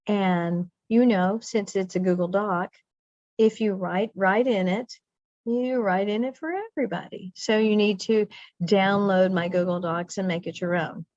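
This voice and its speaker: A woman's voice: mid-range voice, a little mellow, no echo. A middle-aged woman leading a teacher training lesson in a chatty way, repeating phrases for emphasis. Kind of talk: professional development lesson. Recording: dull lo-fi dry sound.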